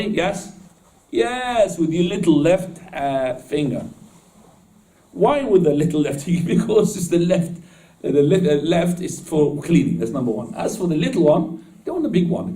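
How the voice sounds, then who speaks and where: A man's voice: fairly high pitch, dark tone, recorded from a distance, poor audio. A man teaching Islamic law to a class in casual, informal speech, often asking his students questions and laughing at his own jokes. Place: mosque classroom.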